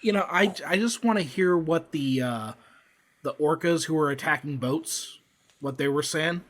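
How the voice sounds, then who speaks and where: A man co-hosting a podcast, starting sentences haltingly before landing a joke. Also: a little high, a bit bright. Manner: hesitant starts, repeats "I" before jokes. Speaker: podcast co-host. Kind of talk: casual chat.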